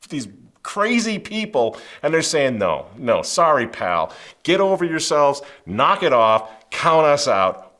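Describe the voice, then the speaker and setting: A middle-aged man hosting a commentary show, emphatic and sarcastic, swinging between loud outbursts and hushed asides, with many rhetorical questions. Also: a little high. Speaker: show host. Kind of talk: impassioned political commentary.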